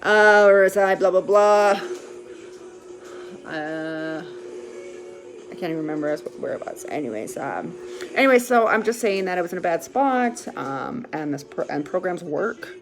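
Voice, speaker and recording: A woman vlogger talks candidly about her recovery in a casual, rambling monologue full of fillers and restarts, with occasional swearing and a tearful edge. Her voice is lowish with lively intonation at a normal speed, and faint music plays behind her.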